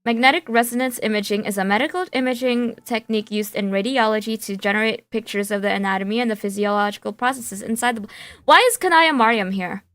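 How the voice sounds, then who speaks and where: A woman's voice: on the high side, fast talker, fairly bright tone, no echo. A woman streaming a surreal game, reading its text aloud and chatting in a playful, rambling way. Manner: playful, rambling with fillers and restarts.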